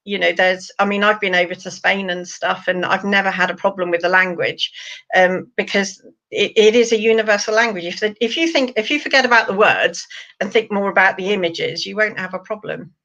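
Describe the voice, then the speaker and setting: A woman's voice: medium pitch, fairly quick. A woman, an animal communicator answering interview questions in a chatty storytelling way. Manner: chatty, lively storyteller, full of fillers. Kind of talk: interview guest telling anecdotes. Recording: slightly muffled lo-fi sound.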